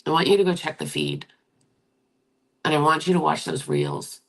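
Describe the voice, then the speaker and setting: Woman, 50s, live-stream host; gravelly, husky delivery, gentle and encouraging, often near a whisper. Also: sits low, huge pitch swings, moderate pace. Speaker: livestream host. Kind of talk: live-stream chat reading viewer comments.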